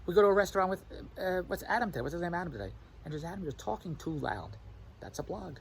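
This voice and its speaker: Brisk animated male vlogger, rapid ranting delivery, faint noise behind. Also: high voice, vocal fry, poor audio. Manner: animated, repetitive, mimics others' voices. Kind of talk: rambling self-recorded monologue.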